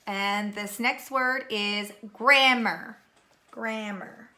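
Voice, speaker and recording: Slow, bright-voiced woman teaching phonics. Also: medium pitch, fairly even intonation. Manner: slow, patient, repeats words for pupils. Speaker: third grade teacher. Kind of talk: recorded classroom lesson.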